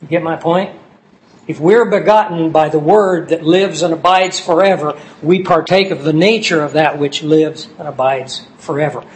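A man preaching a sermon, slowing down to stress key words as he lists scripture passages. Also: fairly high pitch, rough recording. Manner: slow and emphatic on key words, citing scripture verses.

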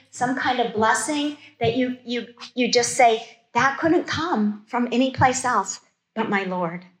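A woman with a fairly high, slightly bright voice teaches a Bible study sermon, reading verses aloud and then breaking into casual, conversational asides about them. A noticeable, roomy echo fills the room.

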